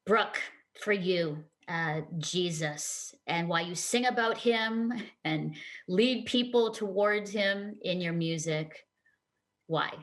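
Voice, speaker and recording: A woman hosts a faith-based talk show, her voice sitting a little low. She speaks earnestly and warmly affirms each guest. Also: slow. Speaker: host.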